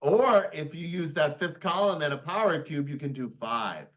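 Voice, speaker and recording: A man's voice: on the high side, lively intonation, normal speed, highs cut off. A man who designs games, teaching one in a casual online stream. He is upbeat and encouraging, and he likes to tease. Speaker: game designer teaching the rules.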